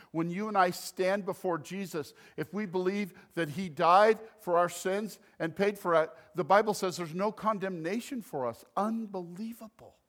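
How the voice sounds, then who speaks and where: A man preaching a sermon as pastor, animated, swinging between loud emphasis and quiet asides. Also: high-pitched.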